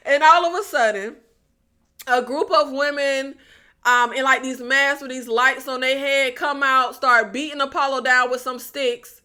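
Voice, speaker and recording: This TV recap vlogger has a high-pitched, bright, forceful voice with fairly even intonation, and she takes her time. Addressing viewers as "y'all," she goes over an episode casually and with exasperation, tossing out sarcastic rhetorical questions.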